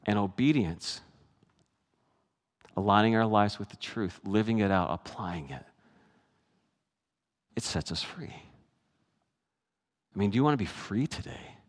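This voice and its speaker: A man's voice: on the low side, expressive, takes it slowly, pauses often. A middle-aged man preaching a sermon as pastor, in a conversational style and acting out the voices he quotes. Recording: long reverb of a large hall.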